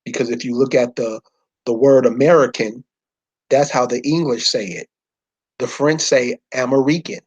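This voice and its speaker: A man's voice: medium pitch, fairly even intonation, normal speed, slightly rough. A man giving an informal lecture from a map, speaking in loose slangy speech and firing rhetorical questions straight at his listeners.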